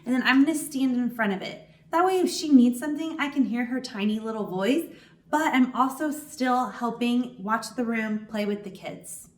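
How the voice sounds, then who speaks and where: A woman giving a clear, step-by-step staff training talk, acting out small examples as she explains. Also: fairly high pitch, moderate pace, roomy sound. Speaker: children's ministry trainer. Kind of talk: instructional training video.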